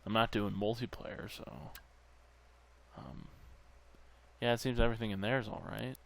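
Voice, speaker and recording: A man's voice: lowish voice, fairly even intonation, moderate pace, gravelly. A man hosting a gameplay channel, muttering to himself as he tinkers, with bursts of goofy sing-song nonsense. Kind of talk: casual gameplay commentary.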